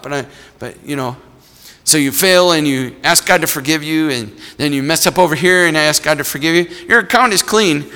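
A man's voice: mid-range voice, bright, forceful tone. Man preaching in a reverberant hall. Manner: conversational, acts out little voices in his stories. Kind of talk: sermon.

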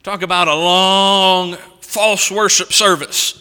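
A male preacher reading scripture aloud and commenting on it in an animated sermon, swinging between loud emphasis and quiet asides. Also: sits high, unhurried, clean tone. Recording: long reverb from a large hall.

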